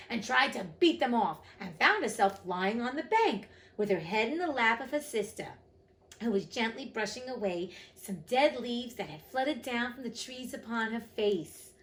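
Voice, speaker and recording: A woman's voice: fairly high pitch, expressive, moderate pace, low-quality recording. Emotional woman reading a storybook aloud. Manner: emotional, chatty, slangy asides. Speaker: reader of classic books. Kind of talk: storybook reading with chatty asides.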